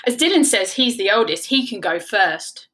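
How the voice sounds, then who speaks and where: A woman voicing an excitable, cheeky little girl dinosaur in a children's story, in a high, squealing child voice. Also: moderate pace. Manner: high squealing child voice, whiny when pleading.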